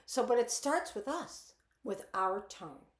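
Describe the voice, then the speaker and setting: A middle-aged woman coach speaks in a friendly, casual way, slightly high in pitch. She acts out little examples of tones of voice. The room around her is echoey. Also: expressive, takes it slowly. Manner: friendly, demonstrates tones by acting them out. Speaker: relationship coach. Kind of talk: casual coaching talk to camera.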